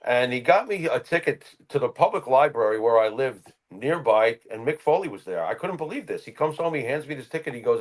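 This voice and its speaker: Lively, animated male podcast co-host. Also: mid-range voice, fairly quick, hardly any pauses. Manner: animated anecdote teller. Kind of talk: casual chat.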